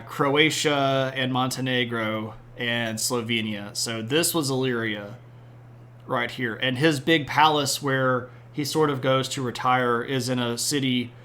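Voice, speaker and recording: A man's voice: mid-range voice, pushed and bright, a little hiss or hum. Chatty man giving a casual history lecture. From Southern United States. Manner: rambling, chatty, responds to chat with asides. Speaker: history streamer.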